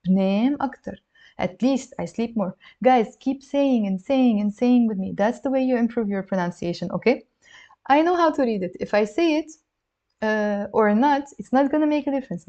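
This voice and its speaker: A woman teaching a spoken language lesson, explaining patiently and repeating phrases slowly for learners to echo. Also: on the high side, warm tone, highs cut off.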